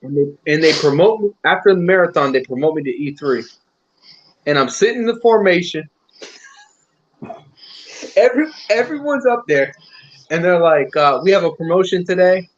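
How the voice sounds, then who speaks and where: A man telling army stories to old friends in a casual chat, profane and animated, acting out what others said. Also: fairly high pitch, normal speed, pauses often, lo-fi sound. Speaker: army veteran reminiscing. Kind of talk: casual storytelling among friends.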